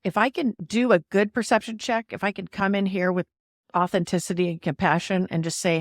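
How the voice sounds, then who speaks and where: A woman's voice: on the low side, moderate pace, no room sound, clean studio sound. A woman hosting a podcast, explaining ideas in a casual, playful way and leaning on emphasis. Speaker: podcast host.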